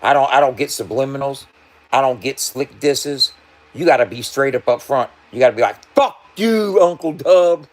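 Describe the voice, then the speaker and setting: A man's voice: mid-range voice, steady tone, a little fast. Profane laughing livestreamer man. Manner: loose, profane, laughing often. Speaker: livestreamer talking to his chat. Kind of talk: casual livestream banter.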